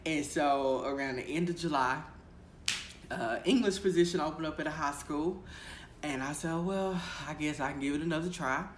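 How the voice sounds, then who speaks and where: A young man, a teacher, telling stories from his first year in a casual, animated vlog, acting out the voices he quotes and laughing often. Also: fairly high pitch, moderate pace. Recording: echoey room with faint ambient noise.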